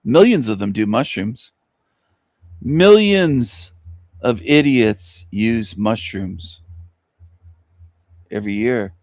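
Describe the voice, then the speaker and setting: A man's voice: lowish voice, animated, slow, pauses often, a little mellow, dry recording, clean studio sound. A man hosting an online radio show, ranting scornfully at his listeners with mocking laughs and rhetorical questions. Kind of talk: scornful solo rant.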